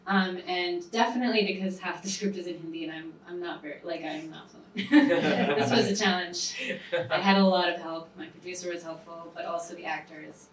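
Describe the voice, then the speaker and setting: A woman's voice: fairly low pitch, fairly even intonation, normal speed, a little hiss or hum. A woman film director speaking casually at a panel Q&A, with many fillers. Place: private screening venue. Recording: roomy hall, far from mic.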